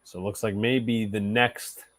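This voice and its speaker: A man hosting a casual sports livestream, cracking jokes at his friends between play-by-play calls. His voice sits a little low. He sounds relaxed and jokey. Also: a little slow, no echo. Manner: joking, relaxed. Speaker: host and play-by-play caller.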